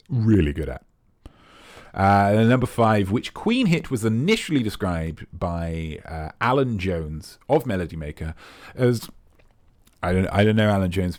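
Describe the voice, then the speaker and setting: A man with a lowish voice runs a trivia quiz and reads each question and answer in a loose, chatty way. His delivery swings widely up and down as he wanders off into jokey tangents and little side facts. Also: a little mellow, dry recording. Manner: playful, rambling, jokey tangents. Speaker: quiz host. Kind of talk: casual quiz read-out with chatty asides.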